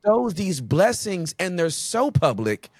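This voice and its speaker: A man speaks as a podcast guest, punching his points with emphatic energy. His fairly high voice rises and falls in lively swings. The sound is dry and close, with no room echo. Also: measured pace. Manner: animated storyteller, emphatic. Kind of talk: casual conversation.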